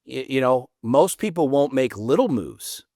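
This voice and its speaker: Blunt, animated man in a dry room. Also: mid-range voice, measured pace, dry recording. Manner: animated storyteller, blunt and profane. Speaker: podcast guest. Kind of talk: casual podcast conversation.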